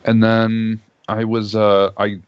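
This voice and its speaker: A low-voiced man in relaxed, joking conversation. His sound is dry, with no room in it. The audio is somewhat dull. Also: slow, clear, resonant tone, dry recording. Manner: relaxed, joking, self-deprecating. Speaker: guest on a livestream interview. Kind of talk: casual chat.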